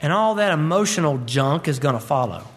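Male preacher, high voice, emphatic sermon delivery with repeated lines. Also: expressive, brisk. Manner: emphatic, repeats key lines, quotes scripture.

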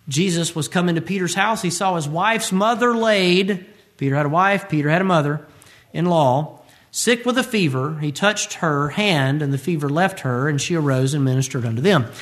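A man's voice: a little high, a bit bright. A tired male preacher giving a sermon, who acts out the scripture quotes he tells.

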